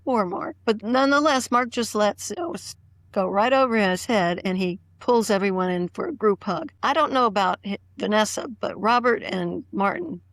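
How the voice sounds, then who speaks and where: A woman's voice: medium pitch, moderate pace, dry recording. A woman fan on a podcast panel, chatting casually and retelling scenes from the show.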